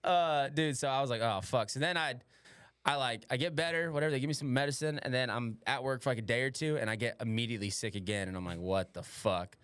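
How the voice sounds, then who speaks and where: A young man hosts a casual podcast, spinning loose, profane stories packed with goofy slang. His voice sits at an ordinary middle pitch. It is recorded close and dry with no room sound. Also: fast, fairly bright tone, clean tone, no echo. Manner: profane, rambling storytelling with playful slang. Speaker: podcast host and stand-up comic.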